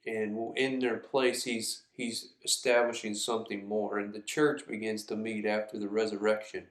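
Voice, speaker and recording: A man's voice: lowish voice, flat delivery, normal speed. A man preaching a sermon in an earnest, reflective way, reading scripture aloud in a church. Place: church sanctuary. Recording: echoey room.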